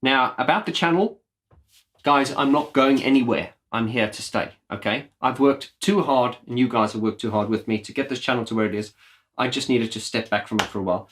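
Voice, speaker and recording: Speaking at a brisk clip with a medium-pitched, fairly bright voice, a YouTube host addresses the camera directly. His vlog talk is an earnest, impassioned rant, and he swears bluntly.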